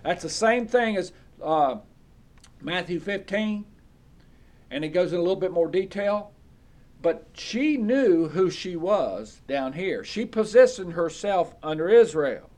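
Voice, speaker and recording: A man's voice: sits high, expressive, unhurried, a little mellow. A man preaching a Bible study sermon, reading verses aloud and checking in with his listeners with "okay?".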